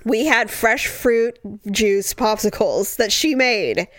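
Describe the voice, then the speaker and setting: A woman hosting a podcast in casual chat, talkative and animated, filling her talk with "you know" and "like" as she reads out listener stories. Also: on the high side, slow, no room sound, studio quality. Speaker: podcast host.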